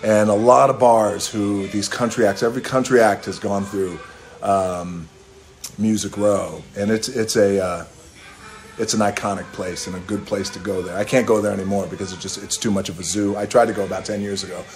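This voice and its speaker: Speaking briskly in a lowish, steady voice, a middle-aged livestream host recounts a meandering tale into his phone camera. He curses offhandedly and now and then slips into bits of song.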